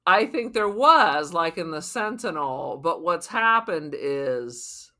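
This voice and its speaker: A woman co-hosting a podcast in casual chat, blunt and swearing, tossing in quick silly voices. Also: fairly low pitch, lively intonation, sharp tone. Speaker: podcast co-host. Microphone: remote podcast mic.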